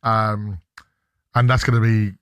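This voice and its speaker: A man presenting a sports radio show, reading plugs briskly between jokes. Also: lowish voice, flat delivery, fairly bright tone, no room sound. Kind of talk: presenting and banter.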